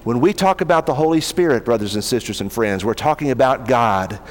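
A male pastor preaching a sermon, reading scripture aloud and slowing down to stress key words. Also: medium pitch, expressive, in a large hall.

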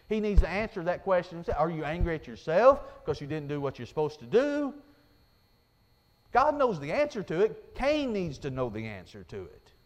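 Male preacher, high-pitched, earnest sermon delivery with frequent restarts. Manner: earnest, repetitive restarts, quotes scripture.

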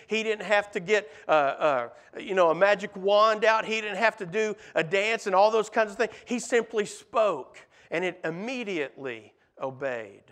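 A man preaching a sermon in a church, earnest and repetitive, his voice dropping soft at the ends of phrases. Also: high-pitched. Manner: earnest, repeats words in lists, voice drops soft at phrase ends. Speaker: pastor.

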